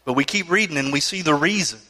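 A pastor with a fairly high, bright, pushed voice preaches quickly and expressively in a large, echoing room. Reading scripture, he acts out the people's complaining voices and builds to rising, pleading emotion.

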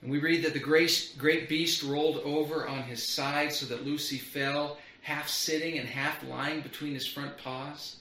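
A man's voice: fairly high pitch, steady tone, unhurried, few pauses, sharp tone, a little hiss or hum. A middle-aged man preaching a sermon as pastor, earnest and building on repeated phrases. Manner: earnest, repetitive build-ups. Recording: roomy echo.

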